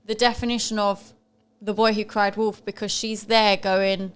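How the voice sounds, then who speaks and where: Woman, smooth clear voice, mocking and blunt as a reaction co-host. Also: medium pitch, flat delivery, normal speed. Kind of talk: casual reaction commentary.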